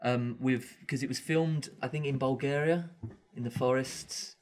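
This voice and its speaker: A man's voice: medium pitch, fairly even intonation, measured pace, a little mellow. A British man, a guest actor, telling wry, rambling stories in a casual podcast chat. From Britain. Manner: rambling, wry storytelling with restarts.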